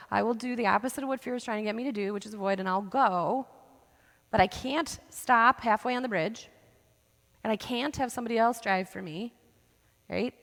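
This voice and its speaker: A woman counselor giving a presentation at a church, teaching in a lively way and often checking in with "right?". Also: mid-range voice, creaky, in a large hall. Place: church hall.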